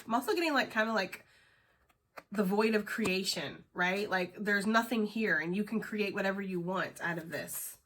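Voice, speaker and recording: Bright, chatty woman reading tarot. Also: mid-range voice, normal speed, a little hiss or hum. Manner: chatty, rambling, full of fillers and casual swearing. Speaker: tarot reader. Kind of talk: casual tarot reading to viewers.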